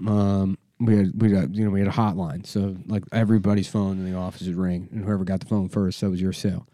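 A man's voice: low-pitched, level tone, quick pace, warm tone, no echo. A man in his thirties hosting a podcast, chatting loosely and joking around. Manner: loose, jokey, breaks into silly voices. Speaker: podcast host. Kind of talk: casual chat.

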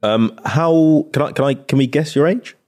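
A man's voice: on the high side, moderate pace, a little mellow. A man in his twenties co-hosting a podcast, joking bluntly and swearing freely in casual chat. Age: 20s. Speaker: podcast co-host.

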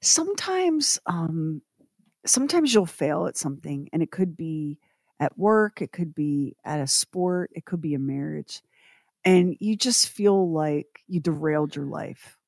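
A woman's voice: deep voice, animated, a little slow, vocal fry, darkish tone, no room sound, clean studio sound. A middle-aged woman, a podcast co-host and former TV writer producer, talking earnestly and emphatically in casual chat. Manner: earnest and emphatic, talks through her feelings.

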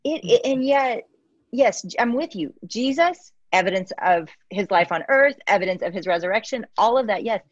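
A woman's voice: medium pitch, lively intonation, normal speed, no echo, highs cut off. A woman hosting a podcast conversation, affirming her guest with frequent short agreements. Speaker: podcast host. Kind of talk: conversational interview.

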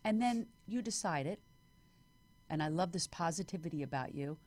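A woman's voice: fairly low pitch, expressive, moderate pace, darkish tone. A woman hosting an interview, enthusiastic and full of affirming remarks. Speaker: podcast host. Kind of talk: interview conversation.

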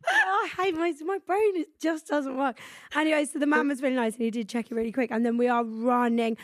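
Chatty woman, high voice, dry close sound, storytelling in casual chat. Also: no room sound. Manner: chatty storyteller, quick asides. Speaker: podcast guest.

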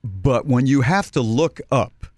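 A man co-hosting a radio talk show, chatting in a relaxed, conversational way. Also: medium pitch, measured pace, dry recording, clean studio sound. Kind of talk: casual morning show banter.

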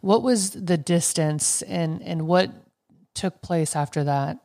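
A woman's voice: fairly low pitch, slow pace, gravelly, mellow, no echo, clean studio sound. A woman hosting a podcast, asking long, rambling, multi-part questions in an interview.

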